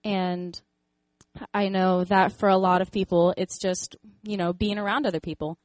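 A woman's voice: medium pitch, normal speed, no room sound. A young woman giving a personal faith talk, earnest and encouraging, telling stories with laughs and acted-out voices. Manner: animated storytelling, acts out voices in quotes. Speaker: speaker sharing a faith testimony.

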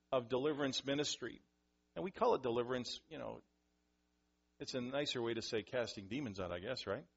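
A man preaching a sermon, animated, acting out scenes with sudden loud outbursts. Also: medium pitch, vocal fry, slightly rough, lo-fi sound. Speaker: pastor.

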